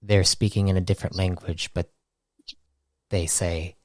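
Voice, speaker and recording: A man narrating as game master, slowly and loosely, often restarting his sentences. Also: low voice, level tone, darkish tone, dry recording, studio quality. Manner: slow, with restarts and hedging "like".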